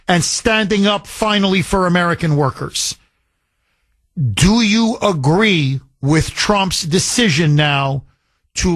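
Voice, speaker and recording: A man's voice: sits high, a bit bright, no echo. A man from Canada hosting a talk radio show, speaking emphatically and repeating key phrases for punch. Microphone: studio microphone.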